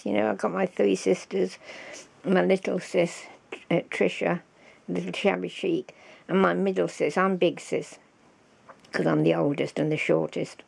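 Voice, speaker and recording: A woman, slow and fond, showing off a handmade craft gift on her vlog and gasping with delight. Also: fairly low pitch, vocal fry, a little mellow. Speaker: crafting vlogger. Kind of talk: casual show-and-tell of a craft gift.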